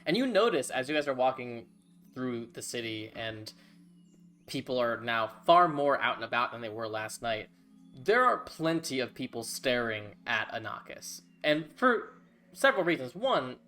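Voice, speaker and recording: A man's voice: mid-range voice, sing-song, normal speed, bright, forceful tone, faint music behind. A man narrating a tabletop game as game master, casual and rambling.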